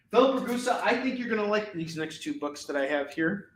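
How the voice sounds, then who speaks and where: Casual man pitching comics in echoey room. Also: lively intonation, fairly quick, few pauses, a bit bright. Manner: casual, rattles off items and prices, many fillers. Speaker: live shopping show host. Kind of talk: live comic sales pitch.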